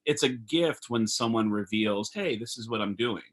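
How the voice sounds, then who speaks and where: A man, a comedian guest on a video call, telling stories in a casual, animated way and acting out phone calls. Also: on the low side, normal speed. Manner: animated storyteller, acts out phone calls in raised voices.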